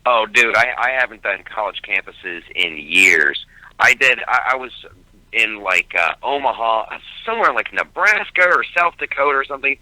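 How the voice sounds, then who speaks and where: Comedian guy on the phone, very bright edgy voice, lots of i-i restarts. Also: medium pitch, moderate pace, no echo, low-quality recording. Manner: animated, stammering restarts. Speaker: stand-up comedian, guest. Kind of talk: casual radio interview. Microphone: phone call.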